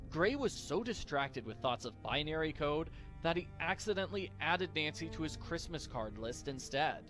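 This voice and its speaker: Wry, animated man narrating a comedy story. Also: fairly high pitch, normal speed, soft background music. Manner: wry, deadpan asides. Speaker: storyteller reading his own parody.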